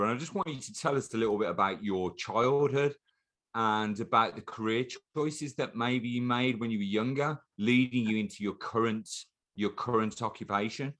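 A male podcast host with a fairly low voice talks in a loose, chatty way. He teases his co-host and often restarts his sentences as he goes. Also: fairly bright tone. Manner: chatty and teasing, with frequent restarts. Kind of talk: casual chat.

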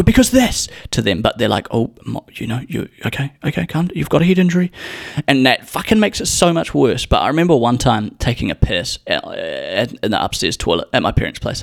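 A man's voice: lowish voice, a bit bright, dry recording, clean studio sound. A young adult man telling a rambling personal story in casual chat, swearing often and acting out what people said. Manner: rambling, swears a lot, acts out quotes.

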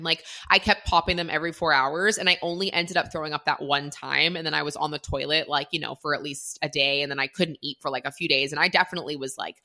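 Bright low-voiced woman telling a story. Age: 30s. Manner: chatty, lots of "like", acts out quoted voices. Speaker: vlogger. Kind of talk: casual storytelling to camera.

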